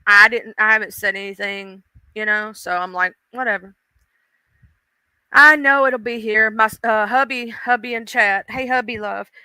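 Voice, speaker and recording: A woman chats on her livestream, emotional and talkative as she greets viewers one by one. Her voice is very bright and smooth. It is recorded close and dry, with no room sound. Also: a little high, moderate pace, no echo. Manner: chatty, emotional, greets chat by name. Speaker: livestream host. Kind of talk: casual livestream chat.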